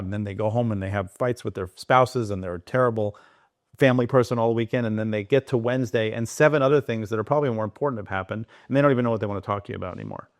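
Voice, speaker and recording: Man, lowish voice, dry close sound, podcast guest, animated, rambling. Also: no room sound. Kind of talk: conversational interview.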